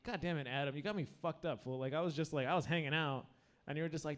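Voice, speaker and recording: A slightly drunk American comic rambles through a crude open-mic set, stumbling over words and restarting sentences. His voice is a bit high for a man and he talks fast. The sound suggests a handheld stage mic in a small bar room.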